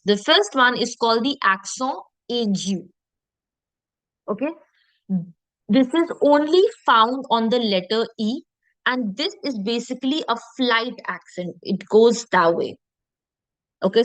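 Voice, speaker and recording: A woman's voice: mid-range voice, fairly bright tone, no echo, rough recording. A woman teaching French pronunciation in an online lesson. She repeats terms patiently and often checks in with her students by asking "okay?".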